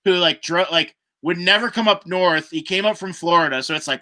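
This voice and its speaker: Casting note: male podcast guest, brisk and bright, who acts out the voices of the people in his stories. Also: high-pitched. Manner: animated storyteller who acts out other people's lines. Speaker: guest musician. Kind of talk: casual podcast storytelling.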